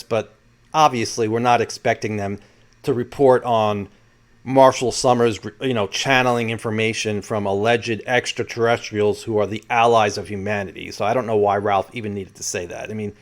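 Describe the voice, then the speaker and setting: A man hosting his own channel, talking through a transcript in casual commentary, often stopping to correct and restart himself. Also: medium pitch. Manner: rambling, self-correcting, many restarts. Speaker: channel host.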